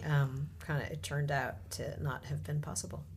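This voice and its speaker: A woman with a low voice, speaking as a guest in a casual interview, articulate and thoughtful. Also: little pitch movement, moderate pace, gravelly, slightly rough.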